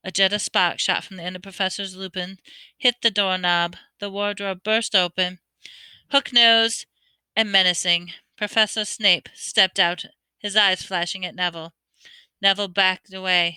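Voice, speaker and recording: Bright, crisp woman reading a novel aloud. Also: medium pitch, dry recording. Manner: stumbles and corrects words while reading. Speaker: audiobook reader.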